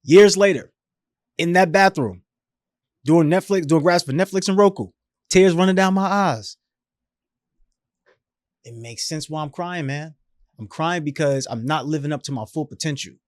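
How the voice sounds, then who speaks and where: Animated man telling his story. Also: on the high side, moderate pace, pauses often, dry recording, clean studio sound. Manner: animated, emphatic, slangy storytelling. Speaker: podcast guest. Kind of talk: casual storytelling.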